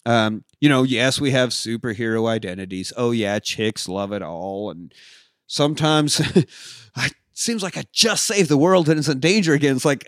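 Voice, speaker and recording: A man's voice: medium pitch, lively intonation, measured pace, fairly bright tone, no room sound, clean studio sound. A man hosting a casual movie-review podcast, talking loosely and swearing and laughing often. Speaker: podcast co-host.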